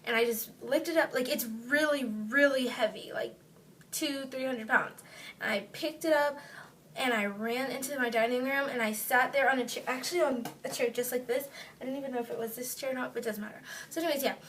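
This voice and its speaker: A woman's voice: high-pitched, fairly quick, fairly bright tone. A young woman sitting at home, telling a story to her camera in a loose, rambling way full of fillers. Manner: rambling, filler-heavy retelling. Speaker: vlogger. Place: indoors at home, seated on a chair. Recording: distant mic, faint room hiss.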